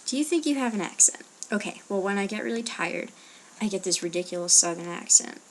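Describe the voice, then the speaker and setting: A young woman talks through a list of questions in a loose, rambling way. She pauses on fillers and drops quiet asides under her breath. Her voice sits at a middle pitch. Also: animated, slight background noise. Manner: rambling and chatty, with hesitant fillers and murmured asides. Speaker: blogger answering a question meme. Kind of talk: casual spoken audio post.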